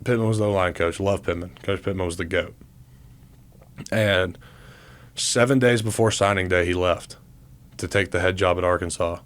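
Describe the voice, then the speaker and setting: A young man in his twenties with a deep, low voice, co-hosting a relaxed podcast chat. His delivery is laid-back and loose, with frequent filler words. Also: normal speed, long pauses. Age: 20s. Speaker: podcast co-host, college football player. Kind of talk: casual chat.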